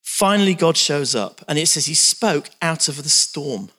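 A man's voice: a little high, lively intonation, moderate pace, pushed and bright. A man preaching a sermon, reading scripture aloud with dramatic emphasis and talking to the congregation.

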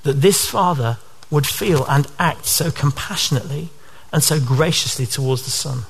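A male preacher delivers a sermon with earnest conviction. His voice sits slightly above the usual male pitch, and he keeps drawing the listeners in with rhetorical questions. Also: normal speed, gravelly, slight background noise.

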